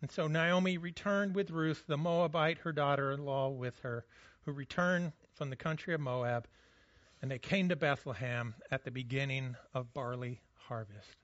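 A man's voice: mid-range voice, moderate pace, a bit bright, dry recording, dull audio. A man preaching a sermon as a pastor, earnest and often repeating words as he restarts his sentences.

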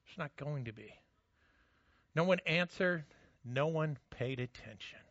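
A man's voice: fairly high pitch, animated, measured pace, a bit bright, dry recording, dull audio. A man preaching a sermon in a casual, joking way, often restarting his sentences. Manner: conversational, self-mocking humor, frequent restarts. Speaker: pastor.

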